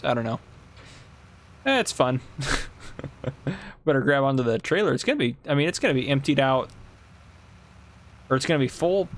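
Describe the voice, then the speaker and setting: A man hosting a farming game video, chatting casually and thinking out loud as he does sums and plans his next moves. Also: medium pitch, a little hiss or hum. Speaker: gameplay video host. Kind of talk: casual gameplay commentary.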